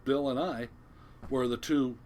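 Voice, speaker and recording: A man's voice: mid-range voice, measured pace, slight background noise. An older man, a retired commercial fisherman, telling a sea story as a podcast guest, acting out the voices of the people in it. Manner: animated yarn-spinning, acts out quoted voices. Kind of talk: casual storytelling.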